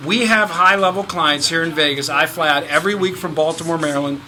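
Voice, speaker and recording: A man's voice: a little high, fast, bright, forceful tone. A man hosting a sports betting show, chatting animatedly and teasing his co-host. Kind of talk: casual sports betting chat. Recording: crowd chatter in the background.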